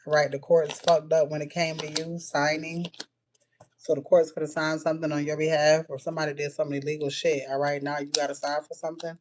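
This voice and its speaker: A woman's voice: sits low, level tone, a little fast, darkish tone, slight background noise. A woman doing a casual spiritual reading for viewers, tossing out short blunt messages, saying "all right" a lot and cursing freely. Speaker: spiritual reader.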